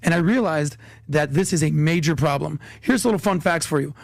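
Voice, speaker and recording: A man telling a story on a podcast as a guest, animated and acting out the quotes. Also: on the high side, vocal fry, no room sound, clean studio sound. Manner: animated, rushed storyteller who acts out quotes.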